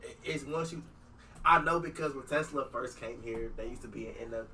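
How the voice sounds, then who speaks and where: A man's voice: mid-range voice, moderate pace, pushed and bright, recorded from a distance, rough recording. A man co-hosting a podcast, chatting in an easygoing, laughing way. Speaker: podcast co-host. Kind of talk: casual chat. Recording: a bit off-mic with faint room noise.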